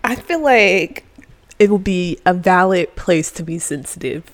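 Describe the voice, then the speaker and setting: Lower-voiced young woman, hedging and thoughtful. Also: expressive, a little slow. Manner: hedging, thinks aloud with "I feel like". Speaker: podcast co-host. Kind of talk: casual chat.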